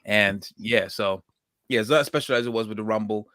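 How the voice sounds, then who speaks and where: A man's voice: lowish voice, a little fast, pushed and bright, dry recording, studio quality. A man hosting a casual podcast chat and reading comments aloud, rambling and hesitant, restarting his sentences often. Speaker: podcast host.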